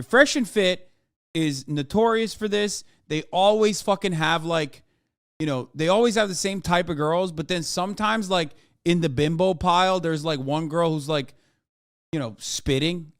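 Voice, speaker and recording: Profane, animated male streamer, smooth voice. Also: a little high, no echo, clean studio sound. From United States. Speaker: streamer and political commentator. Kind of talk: reacting to clips on a stream.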